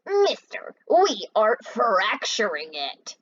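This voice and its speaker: A woman's voice: medium pitch, wildly swooping pitch, slow pace, highs cut off, heavily acted. A woman reading as a bossy hijacker boss. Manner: commanding, boastful. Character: bossy male hijacker, gang leader.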